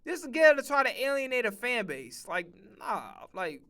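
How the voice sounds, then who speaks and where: A man streaming reaction commentary, loud, profane and animated. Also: extremely high pitch, moderate pace.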